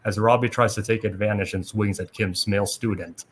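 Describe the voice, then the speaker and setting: A man hosting a podcast, reading a plot recap aloud in a steady way with small restarts. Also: on the low side, brisk. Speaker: podcast host.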